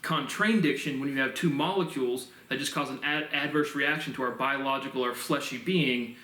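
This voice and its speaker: A man's voice: mid-range voice, a little fast, pushed and bright, recorded from a distance. A man musing aloud in a meandering solo monologue, restarting phrases often as he explains his own theory. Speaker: self-published theorist explaining his framework. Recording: roomy echo, voice off-mic.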